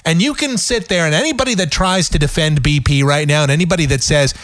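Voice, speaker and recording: A man's voice: a little high, fast, a bit bright, no room sound, clean studio sound. A man hosting a talk radio show, ranting sarcastically in an opinionated monologue. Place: radio studio.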